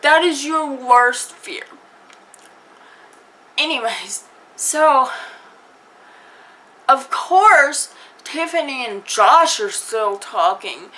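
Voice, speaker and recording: A woman talks straight to her viewers in a casual storytime vlog. She speaks slowly, with a bright, fairly high voice. She fills the story with fillers and acted-out bits of dialogue. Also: expressive, rough recording. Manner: chatty, lots of fillers, acts out quoted dialogue. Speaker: vlogger.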